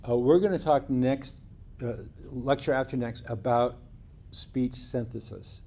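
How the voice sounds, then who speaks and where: A mellow man with a medium-pitched voice speaks a little slowly as he gives a university lecture in a lecture hall. His manner is conversational; he frequently restarts sentences and checks in with the class by asking "right?"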